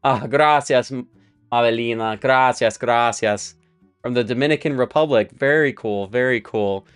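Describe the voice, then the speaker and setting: A man's voice: medium pitch, moderate pace, smooth, faint music behind. Man teaching Spanish grammar at a board. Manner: explains step by step while writing on a board. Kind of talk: live-streamed language lesson.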